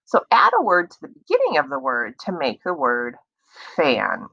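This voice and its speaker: A woman teacher giving a slow, patient early reading lesson to young children, repeating words and stretching out sounds to encourage them. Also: rumbling low, huge pitch swings, vocal fry, sharp tone, lo-fi sound.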